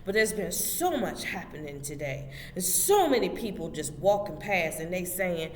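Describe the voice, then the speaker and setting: A woman's voice: on the low side, sing-song, normal speed, hardly any pauses. A woman delivers a motivational spiritual talk, pressing each point with the emphatic push of a preacher and speaking straight to her listeners. Her voice rings through a roomy hall with a long reverb tail. A faint background hum sits underneath. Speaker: host.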